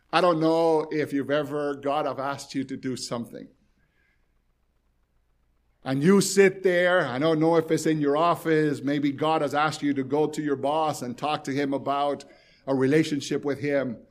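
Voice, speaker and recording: A man preaching a sermon, speaking with pleading intensity and addressing his listeners directly, repeating phrases for emphasis. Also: on the high side. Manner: pleading, rising and falling in intensity.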